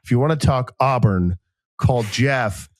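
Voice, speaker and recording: A man's voice: medium pitch, unhurried, dry recording. Rambling, joking male podcast host. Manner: joking, rambling, deadpan asides. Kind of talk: casual podcast banter with ad reads.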